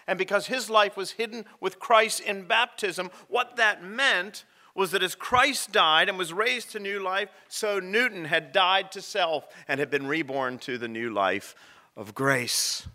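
A man preaching a sermon as rector, telling stories with dramatic pauses. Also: high-pitched, pushed and bright.

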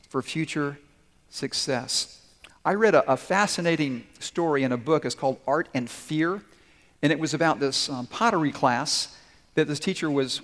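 A man's voice: fairly high pitch, long reverb tail. A man preaching a sermon as a pastor, telling a story and acting out the voices of the people in it. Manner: storytelling, animated quoting of characters.

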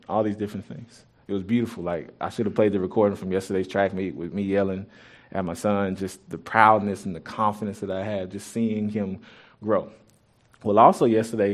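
A pastor preaching a sermon in an animated, conversational way, mixing Bible reading with personal stories. He often restarts his sentences, and his loudness jumps suddenly. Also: low voice. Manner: conversational and joking with the congregation. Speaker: pastor and youth track coach.

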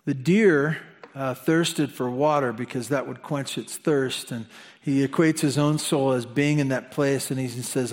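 A man preaching a sermon as pastor, animated and conversational, with humorous asides. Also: medium pitch, a little slow.

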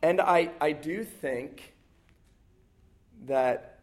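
A man's voice: on the high side, drawn-out words. Earnest male pastor preaching. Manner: earnest, emphatic repetition in short phrases. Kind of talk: sermon.

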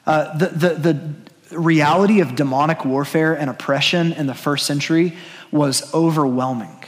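A pastor preaching a sermon in an earnest, urging, conversational way. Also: male voice, on the high side, moderate pace, big-room sound.

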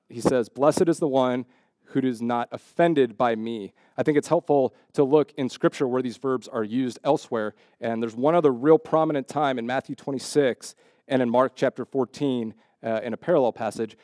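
A man's voice: medium pitch, moderate pace, darkish tone, dry recording, studio quality. A man preaching a sermon in a conversational way, often checking in with "right?" and acting out the voices in the stories he tells. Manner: acts out quoted voices in the stories.

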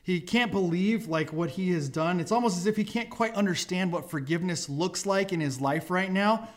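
A man's voice: sits high, moderate pace. A man preaching a casual sermon as pastor, telling a story in a conversational way and acting out the quotes. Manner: conversational, acts out quotes with voices.

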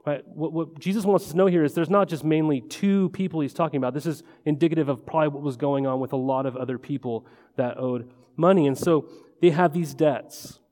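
A man's voice: on the high side, fairly quick, mellow. A male pastor preaching a conversational sermon, often tossing rhetorical questions and "right?" to the congregation. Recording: long reverb of a large hall.

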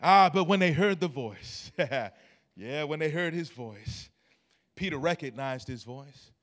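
A man with a high voice preaches a sermon to a church congregation. He tells the story and moves between low, quiet asides and loud, emphatic calls. He often turns to the listeners and asks them to answer. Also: expressive, unhurried. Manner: talks to the congregation and asks for responses. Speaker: pastor.

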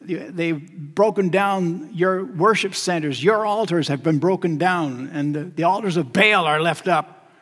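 A man's voice: sits high, unhurried, a bit bright, husky, exaggerated voice. A male preacher voicing the prophet Elijah as an anguished, lonely man pouring out his lament in rising, pleading bursts. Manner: pleading, rising emphatic outpouring. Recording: long hall reverb.

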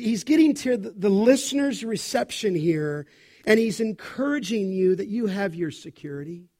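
A man's voice: sits high, a little mellow. A middle-aged male pastor preaching an expository sermon, stressing key words and asking the congregation questions.

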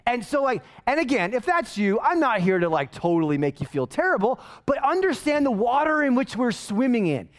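A woman's voice: high-pitched, sing-song, moderate pace, hardly any pauses. A woman preaching a sermon in a casual, joking, self-deprecating way, telling stories from her own life. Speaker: pastor. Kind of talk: conversational sermon.

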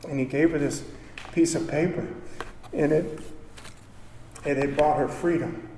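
A man's voice: a little high, fairly even intonation, unhurried, warm tone, slight background noise. A man preaching a sermon in a church, telling a story with emotion and calling for amens. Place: church hall. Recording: echoey hall from far off.

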